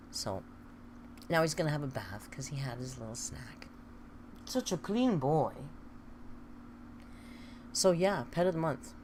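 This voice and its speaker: Playful woman livestreamer with a low voice. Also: slight background noise. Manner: playful, chatty, coos at her pet. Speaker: livestream host. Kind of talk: casual live-stream chat.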